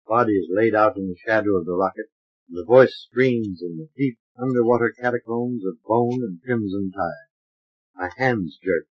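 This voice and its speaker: Male audiobook narrator, husky, lo-fi vintage recording. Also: on the low side. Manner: dramatic, varied character voicing. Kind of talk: expressive audiobook reading. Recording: dull lo-fi transfer of an old record.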